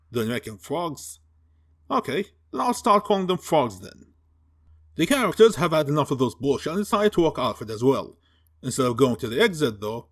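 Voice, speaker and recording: Lively, ranting man mocking a movie. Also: on the high side. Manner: mocking, profane, exasperated. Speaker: movie reviewer. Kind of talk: sarcastic film review rant.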